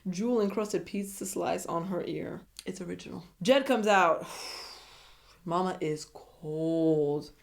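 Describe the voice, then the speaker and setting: A woman's voice: fairly low pitch, slow pace, gravelly. A young woman recapping a reality show in a sassy, opinionated casual commentary, full of asides.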